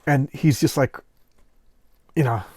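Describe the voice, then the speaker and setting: A man hosting casual comic book commentary, retelling a story in an animated, rambling way. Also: mid-range voice, slow, slightly rough.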